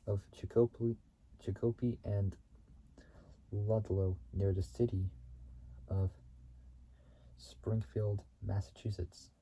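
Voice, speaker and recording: A man hosting his own video channel, reading car facts in a halting way, often restarting and repeating phrases and correcting himself. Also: fairly low pitch, fairly even intonation, mellow, husky, low-quality recording. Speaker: YouTube channel host.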